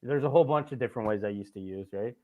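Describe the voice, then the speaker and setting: This Canadian podcast host races along in a mid-range voice, spinning a long story in a loose, rambling manner during casual chat. He swears often and keeps tagging lines with "right?", and the audio comes through tinny and phone-like.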